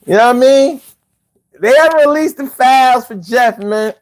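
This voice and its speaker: A man with a very high-pitched voice talks at normal speed while hosting a casual livestream, reading the chat and chatting with viewers. His speech is slangy, profane and rambling, full of repeats, with his own bongos and faint music in the background.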